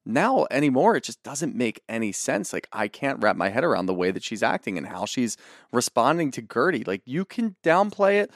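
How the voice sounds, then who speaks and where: A man of average pitch co-hosting a casual recap podcast, joking and mulling things over in an easy, conversational way. His voice is recorded on a close mic in a dry room. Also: sing-song, moderate pace, no room sound. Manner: joking, conversational, mildly puzzled. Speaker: podcast co-host.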